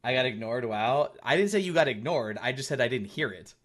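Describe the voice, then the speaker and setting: A man's voice: medium pitch, lively intonation, brisk, a bit bright. A male game streamer chatting casually while playing, thanking viewers and teasing his friends. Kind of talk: casual live-stream chat while gaming.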